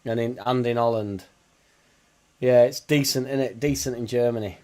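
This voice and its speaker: A man's voice: mid-range voice, fairly even intonation, normal speed, darkish tone. A Yorkshire man hosting a casual football watchalong stream, chatting bluntly with viewers, swearing and bantering. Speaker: livestream host.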